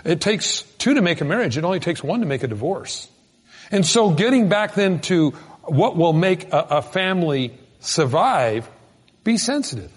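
A man preaching a sermon in a folksy, animated storytelling manner with sudden loud bursts. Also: sits high, normal speed, breathy edge, big-room sound. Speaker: pastor.

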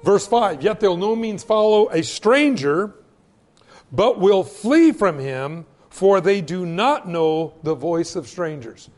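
A man's voice: sits high, animated, takes it slowly, darkish tone. A man preaching a sermon, telling Bible stories and acting out the voices in the quotes. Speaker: pastor.

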